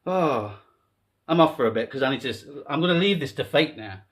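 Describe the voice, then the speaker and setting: A man talking straight to camera in a rambling, emotional monologue, swearing freely and swinging between quiet musing and impassioned appeals. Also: a little high, expressive, moderate pace. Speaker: self-styled candidate vlogger.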